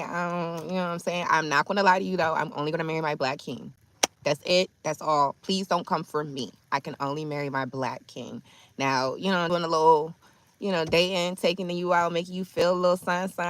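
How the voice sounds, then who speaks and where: A woman's voice: fairly low pitch, expressive, moderate pace. A woman in her thirties telling a chatty, slangy story to her livestream chat. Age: 30s.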